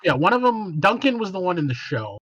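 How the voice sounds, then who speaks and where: A man's voice: sits high, sing-song, fairly quick, a bit bright, dry recording, poor audio. A man hosting a podcast in casual, slangy chat, swearing freely. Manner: laid-back, slangy, swears a lot. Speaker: podcast host.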